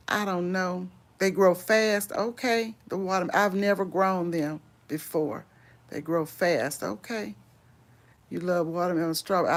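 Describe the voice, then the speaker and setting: Woman, unhurried drawl, chatty live-stream talk, laughs often, outdoors on a walk. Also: lowish voice. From Louisiana. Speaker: vlogger host. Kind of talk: casual live-stream chat answering viewers.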